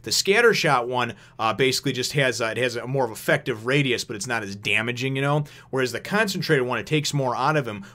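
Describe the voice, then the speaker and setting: A man giving a casual manga review, rambling and animated, who swears freely and laughs often. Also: mid-range voice.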